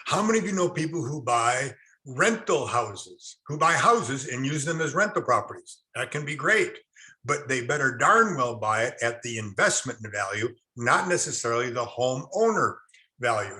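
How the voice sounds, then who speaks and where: A middle-aged man leading a real estate workshop, animated and folksy, turning to the class with quick questions. His voice is bright and forward, set a bit above the usual male pitch. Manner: animated, folksy storyteller, addresses class directly. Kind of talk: classroom teaching with anecdotes.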